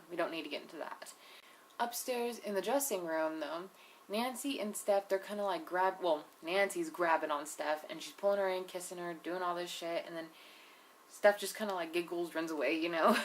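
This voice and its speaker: A woman's voice: lowish voice, slight background noise. A young woman giving a casual, opinionated recap of a reality show episode, profane and full of "like" and "you know". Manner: blunt, opinionated asides. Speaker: TV episode reviewer.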